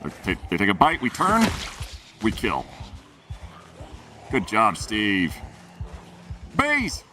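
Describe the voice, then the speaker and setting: A man casually commenting on his game, joking and answering chat. His low voice is bright and very lively in pitch. The mic sits a little far off, with faint music behind him. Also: takes it slowly. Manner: joking, chatty, reacting to chat. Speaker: game streamer. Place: room at home.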